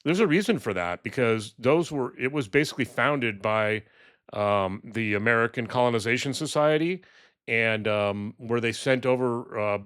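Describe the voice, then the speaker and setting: Male vlogger venting political commentary: exasperated, scornful, swearing, halting with fillers, mid-range voice. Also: mid-range voice, fairly bright tone, smooth. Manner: exasperated, mocking, swears, many ums and restarts. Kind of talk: ranting political commentary vlog.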